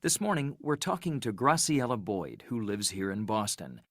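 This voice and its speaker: A man playing a radio show host in a scripted textbook dialogue, asking polite, measured questions. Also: fairly low pitch, very animated, no room sound, studio quality. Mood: friendly. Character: friendly adult male radio show host. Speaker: radio interviewer.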